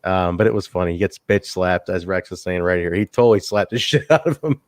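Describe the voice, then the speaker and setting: A man co-hosting a casual podcast chat, laughing often and acting out quotes in a high voice. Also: brisk, no echo, studio quality. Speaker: podcast co-host.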